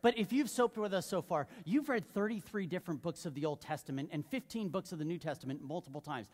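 A male pastor delivers a sermon in a relaxed, conversational manner, joking and asking the congregation questions. His voice sits slightly higher than most men's. The sound carries the long reverb of a large church sanctuary. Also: fast talker.

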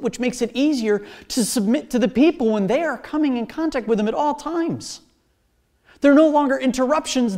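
A preacher giving a sermon, animated and swinging from loud emphasis to hushed whispers. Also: mid-range voice.

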